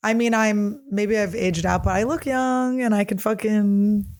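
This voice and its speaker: A woman's voice: medium pitch, steady tone, unhurried, a little mellow. A woman in her thirties hosting a podcast, telling a comic story in a loose, rambling, profane way with lots of fillers. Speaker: podcast host. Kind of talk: casual comedic storytelling.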